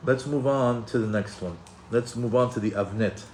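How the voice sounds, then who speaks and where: A man teaching a Torah class in an animated way, acting out quoted voices and often restarting his sentences. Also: mid-range voice, moderate pace, slight background noise. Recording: echoey room with faint ambience.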